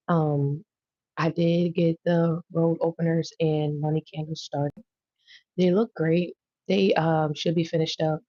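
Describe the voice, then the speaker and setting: A woman with a low, mellow voice greets viewers on her tarot live stream in a relaxed, casual way. She speaks in an even, level tone and often repeats her greetings and thanks. The sound is dry and slightly dull, like a lo-fi stream. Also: no room sound. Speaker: tarot reader and channel host.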